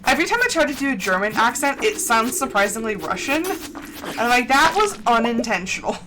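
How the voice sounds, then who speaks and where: A chatty American woman talks casually on a game livestream, giggling often and leaning on "like". Her voice sits a little high, and a faint hiss runs underneath. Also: expressive, fairly quick. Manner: chatty and giggly, heavy use of "like". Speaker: game streamer.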